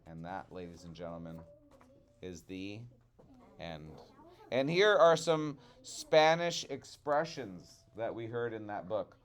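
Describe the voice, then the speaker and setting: Male teacher reading a storybook to kids, expressive with chatty asides, slow pace, smooth clear voice. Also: fairly low pitch. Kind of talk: reading a storybook aloud to children.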